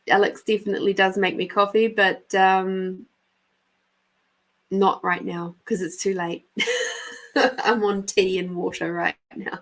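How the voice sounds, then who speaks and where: Slow-talking New Zealand woman. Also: mid-range voice, poor audio. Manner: chatty, affectionate, addresses viewers by name. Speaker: host giving intuitive readings. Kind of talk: live-stream chat and card readings.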